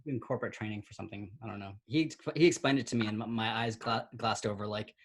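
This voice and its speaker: A woman's voice: extremely low pitch, fairly even intonation, fast talker. A woman from Boston with no regional accent, hosting a casual comedy chat and talking in a self-deprecating way with stammered restarts.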